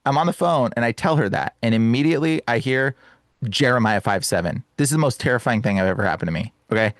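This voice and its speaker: A young man telling an excited personal story as a podcast guest, laughing often and calling the host bro and dude. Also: medium pitch, fast talker, no room sound.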